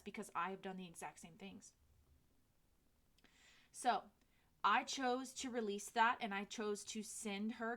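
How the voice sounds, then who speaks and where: A woman's voice: medium pitch, a bit bright. A woman in her thirties giving a casual tarot reading, chatty and candid, swearing freely. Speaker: tarot reader.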